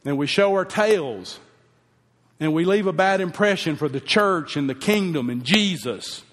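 A man's voice: on the high side, animated, a little slow, fairly bright tone. A man, a pastor telling a heartfelt personal story in a folksy sermon. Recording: long hall reverb.

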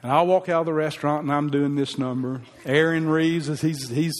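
A man's voice: fairly high pitch, steady tone, a little fast. A man, a pastor telling a heartfelt personal story in a folksy sermon. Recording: long hall reverb.

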